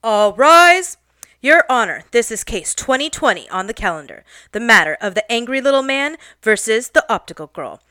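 A formal courtroom bailiff announcing the proceedings, as a woman puts him on. The delivery is dramatic, with a pitch that moves around a lot. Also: big pitch swings, normal speed, sharp tone, smooth, dry recording, studio quality.

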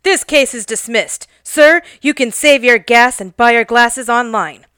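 A woman voicing a stern judge who delivers formal, measured rulings. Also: a little high, pushed and bright, clear, resonant tone, dry recording, clean studio sound. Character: stern no-nonsense courtroom judge.

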